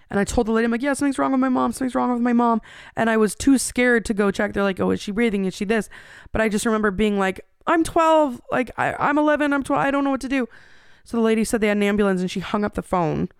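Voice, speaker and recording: A woman in her thirties talks through a personal story, candid and rambling, with plenty of fillers and restarts. Her voice has a gravelly edge, yet it stays smooth and resonant. It is recorded close and dry. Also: medium pitch, no room sound. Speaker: podcast host.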